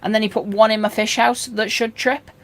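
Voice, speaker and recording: A woman's voice: fairly high pitch, fairly even intonation, brisk. A woman hosting a fishkeeping channel, talking in a casual, rambling way with dry jokes and anecdotes. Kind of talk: casual chat.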